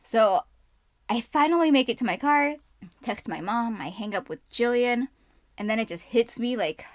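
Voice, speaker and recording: A young woman vlogger telling a story to her camera indoors, excitable, a bit jittery, fast and messy, trying not to sound out of breath. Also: fairly high pitch, no echo, clean studio sound. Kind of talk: casual storytime. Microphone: camera mic.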